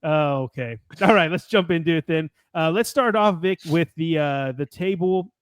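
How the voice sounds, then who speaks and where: A man's voice: fairly high pitch, moderate pace, clean tone, no room sound, clean studio sound. An American man co-hosting a casual soccer podcast, chatty and rambling, laughing often. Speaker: podcast co-host.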